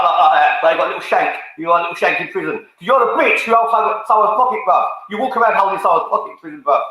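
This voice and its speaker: Brief: man, bright high voice, confrontational swearing rant, very echoey room. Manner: confrontational, swearing, repetitive, calls people out. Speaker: fan channel YouTuber. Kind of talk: angry rant to camera.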